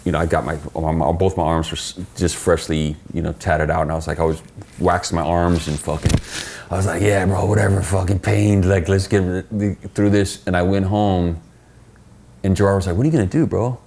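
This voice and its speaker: A middle-aged man, a podcast guest, telling stories in casual chat, profane and animated as he acts out what people said. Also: sits low, fairly quick, a little hiss or hum. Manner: profane, animated storyteller acting out quoted dialogue.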